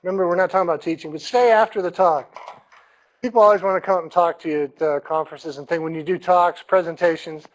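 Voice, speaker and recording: A man lectures in a loose, conversational way, with a voice pitched fairly high. He circles back and repeats points and clears his throat often. He is recording alone with no audience in the room. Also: fast talker, low-quality recording.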